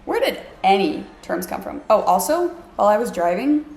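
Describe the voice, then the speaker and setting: A woman chats to camera from her apartment, her voice gravelly with vocal fry. She rambles through a story in a self-mocking way, filling it with "like". The room around her is echoey. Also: mid-range voice, very animated, normal speed, a little mellow. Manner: chatty, self-mocking, heavy use of "like". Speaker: vlogger.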